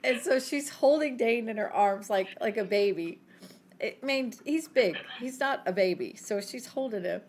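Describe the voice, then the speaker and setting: A woman's voice: a little high, normal speed, a little hiss or hum. A woman co-hosting a podcast, telling a story in a casual chat and laughing often. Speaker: podcast co-host.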